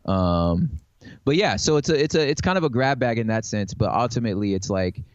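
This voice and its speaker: A man's voice: on the low side, lively intonation, a little fast, no echo, muffled recording. A man on a podcast, casual and slangy, who tells stories animatedly and acts out voices as he goes. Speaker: podcast guest. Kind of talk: casual chat.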